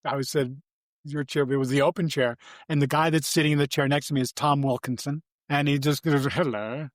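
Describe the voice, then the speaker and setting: An older man, a podcast guest, telling animated and rambling anecdotes with frequent restarts. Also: a little high, fast, no echo, clean studio sound. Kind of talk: casual interview storytelling.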